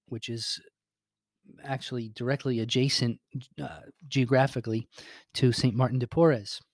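A man's voice: medium pitch, a little mellow, no room sound, clean studio sound. A young man, a priest and school chaplain, giving a chatty spoken update full of ums and little asides.

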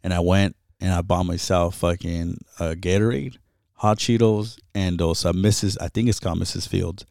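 A man's voice: sits low, steady tone, normal speed, vocal fry, a little mellow, clean tone, dry recording, studio quality. A man co-hosting a casual chat, laid-back, chiming in with short agreements and telling his own story.

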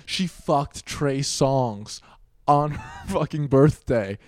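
A young man in his twenties telling wild party stories in casual chat, swearing a lot and acting out quotes loudly. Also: medium pitch, slow, no echo, studio quality.

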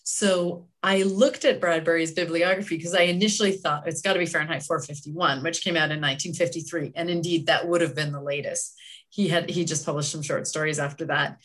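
A woman who is a book club regular, explaining her thoughts in a calm, considered way. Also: deep voice, a little fast. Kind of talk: casual book club chat.

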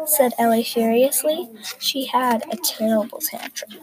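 Brief: woman storybook reader, careful and expressive, higher voice, crowd noise. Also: measured pace, rough recording. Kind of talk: reading a picture book aloud. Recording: crowd chatter behind.

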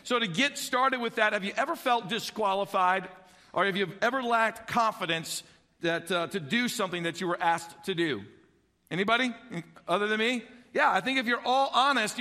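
A middle-aged man preaching a sermon as a pastor, telling stories with animated energy and acting out childhood voices. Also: high voice, normal speed. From Illinois. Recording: echoey church hall.

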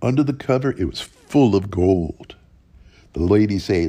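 A man telling an old ghost folk tale in a plain, unhurried folksy way, with lively rises in his voice. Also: lowish voice, husky. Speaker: storyteller.

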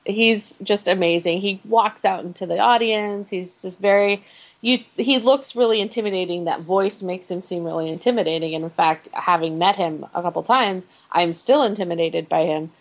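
Female podcast co-host, lower register, lively anecdotal storyteller. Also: normal speed. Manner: animated storyteller, laughs often, acts out quotes. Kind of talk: casual chat.

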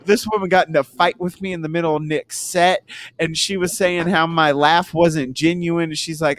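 A man's voice: sits high, fairly even intonation, normal speed, fairly bright tone. A man hosting a podcast, telling a rambling story in casual chat and laughing often. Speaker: podcast host.

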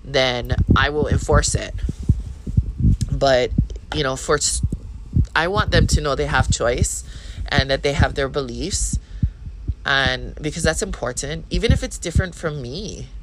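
Very deep and unhurried, this woman's voice pauses often against background noise. She's a podcast host in her thirties with a Hawaiian Pidgin accent, rambling through a casual monologue that's blunt and full of profanity.

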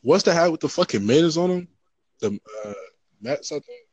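A man's voice: a little high, expressive, a little fast, darkish tone, breathy edge, no room sound, poor audio. A man from Los Angeles chatting casually, rambling with lots of fillers as he explains his point. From Los Angeles area. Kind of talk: casual chat.

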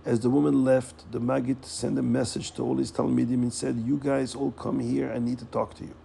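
Male storyteller, animated and repetitive, warm gravelly tone. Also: mid-range voice, fairly quick, a little hiss or hum. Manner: animated, repeats words and acts out characters' lines. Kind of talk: telling a Hasidic story.

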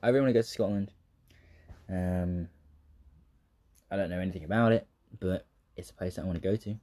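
A young man from southern England talks fairly quickly in a low voice with a dark tone and a southern English accent. His casual monologue rambles, drifts into tangents and is full of laughter and free swearing.

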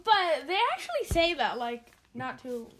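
A woman's voice: high voice, sing-song, normal speed, fairly bright tone, a little hiss or hum. A woman chatting casually as a listener, chiming in with comments and spoilers. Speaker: co-reader, listener. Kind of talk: casual chat.

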